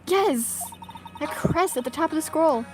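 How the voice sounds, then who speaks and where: A woman's voice: high voice, animated, measured pace, slight background noise. A woman voicing an earnest, emotional young woman who stammers while reading a game aloud. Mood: shaken.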